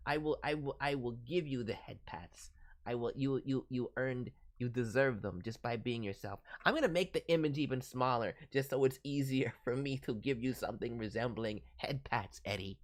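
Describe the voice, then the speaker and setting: A woman chatting on a live stream as she voices viewers' characters, gushing with enthusiasm and filling pauses with stammers. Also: rumbling low, lively intonation.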